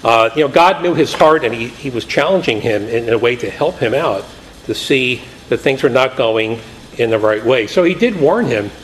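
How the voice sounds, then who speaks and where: A man's voice: mid-range voice, lively intonation, normal speed, slight background noise, poor audio. A man preaching a Bible study sermon in a conversational way, paraphrasing scripture and acting out the quotes with energy.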